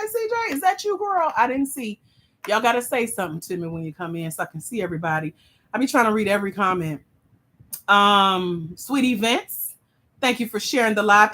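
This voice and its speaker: A woman with a Southern US accent hosting a livestream, teasing and hyping up her viewers in playful, animated chat. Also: mid-range voice. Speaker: livestream host and grant mentor.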